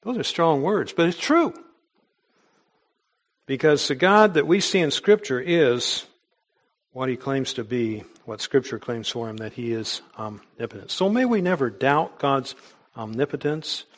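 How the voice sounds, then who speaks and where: Man, pastor, sermon, earnest, emphatic, mid-pitched voice. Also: animated, measured pace. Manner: earnest, emphatic preaching with small restarts.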